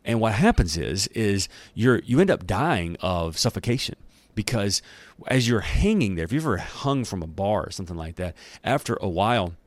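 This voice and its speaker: A man's voice: on the low side, sing-song, normal speed, no room sound. A man teaching a Bible chapter in a casual, folksy and slangy conversational style.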